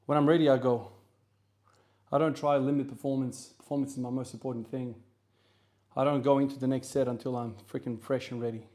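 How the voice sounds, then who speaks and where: A South Australian man with an Australian accent chats casually on a livestream between gym sets, answering chat questions in a relaxed, rambling way. He's a streamer and lifter, and his medium-pitched voice moves at a brisk clip.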